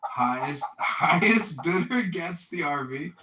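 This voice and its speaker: Profane storytelling man, bright distant voice. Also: a little high, expressive, takes it slowly. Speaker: host. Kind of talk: casual chat. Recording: roomy, distant from the mic.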